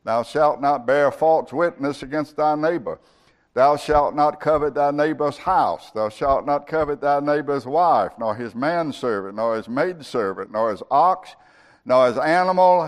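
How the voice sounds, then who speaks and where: A man's voice: a little high, animated, a little slow. A man preaching a sermon as a pastor, reciting scripture and speaking God's words in the first person.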